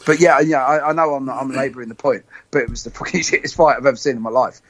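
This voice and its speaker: A man's voice: medium pitch, fairly even intonation, fast. A man on a podcast panel, talking casually, rambling, repeating himself and swearing freely. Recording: dull lo-fi podcast audio.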